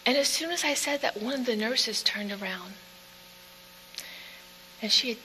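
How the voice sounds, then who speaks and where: A woman giving an earnest personal testimony speech in plain storytelling, dropping to quiet passages. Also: a little high, moderate pace, pauses often. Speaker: speaker telling her own story. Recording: echoey hall with faint hum.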